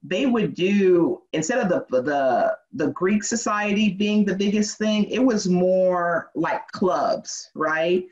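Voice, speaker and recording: A lawyer as a podcast guest, telling lively stories and acting out what people said. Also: mid-range voice, slow pace, few pauses. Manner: animated storytelling, acts out quoted voices, laughs often. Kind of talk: casual interview. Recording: dull, muffled sound.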